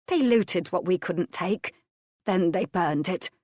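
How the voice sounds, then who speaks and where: A woman's voice: on the low side, expressive, takes it slowly, no room sound, studio quality. A woman voicing a scolding old maidservant. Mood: bitter. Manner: sharp, scolding. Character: proud, outraged old female servant. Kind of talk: audiobook character reading.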